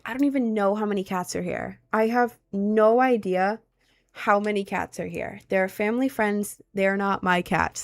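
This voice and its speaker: New york woman rambling at home, reads chat messages, lots of likes and ums. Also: mid-range voice. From New York City. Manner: rambling, lots of filler words. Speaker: streamer. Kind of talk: casual chat reading viewer messages. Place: at home, indoors.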